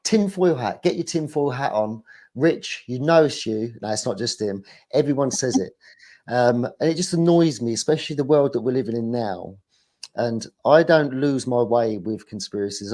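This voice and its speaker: A man, a guest on a casual stream, talking in a rambling, animated way and laughing as he goes. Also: medium pitch, normal speed.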